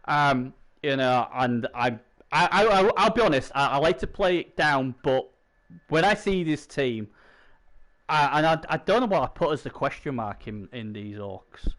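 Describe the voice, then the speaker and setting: A man's voice: mid-range voice, lively intonation, normal speed, fairly bright tone. A man co-hosting a casual gaming league chat, rambling with many fillers and restarts. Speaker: co-host.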